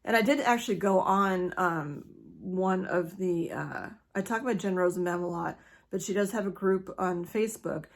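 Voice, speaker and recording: A woman's voice: on the low side, moderate pace. Frank, rambling woman vlogging. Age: adult, not yet menopausal. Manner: rambling, self-interrupting, swears and laughs through frustration. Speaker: vlogger sharing her cancer journey. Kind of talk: candid personal vlog.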